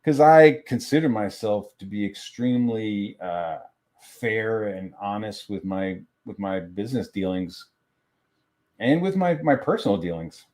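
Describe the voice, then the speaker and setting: A man's voice: on the low side, animated, a little slow, a little mellow. A man and crowdfunding creator ranting casually on a stream, heated and swearing constantly, often restarting his sentences. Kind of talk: profane casual rant on a stream.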